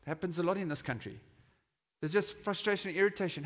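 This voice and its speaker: Male pastor, fairly high bright voice, chatty sermon, lingering hall reverb. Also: animated, a little fast. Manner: conversational, dramatizes quotes with shouting. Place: church hall. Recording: long reverb of a church hall.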